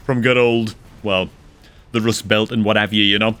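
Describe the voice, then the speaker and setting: A man casting a replay of a strategy video game, excitable and quick to exclaim, often calling his listeners dude and man. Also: fairly low pitch, clean tone. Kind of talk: excitable gameplay commentary.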